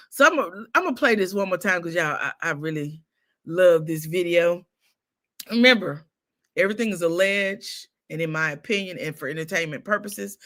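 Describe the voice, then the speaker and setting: A woman hosting a casual gossip livestream, telling stories in a lively way with laughs. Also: fairly low pitch. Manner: animated storytelling with laughs. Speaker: show host.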